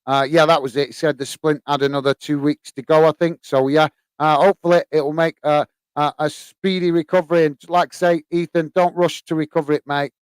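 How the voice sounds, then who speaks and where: Male livestream host, slightly high voice, smooth and clear, close and dry sound, easygoing chatter. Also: brisk, no room sound. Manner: relaxed, chatty, many fillers, calls listeners mate. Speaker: host of a football fan channel. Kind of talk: casual live-stream chat reading viewer comments.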